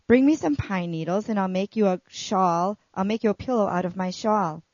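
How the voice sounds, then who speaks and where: A generous old quilt maker who speaks calmly and patiently, as a woman reads her lines. The voice sits in a middle register, close and dry on a dull, lo-fi recording. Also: medium pitch, moderate pace, dry recording, lightly acted. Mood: gentle.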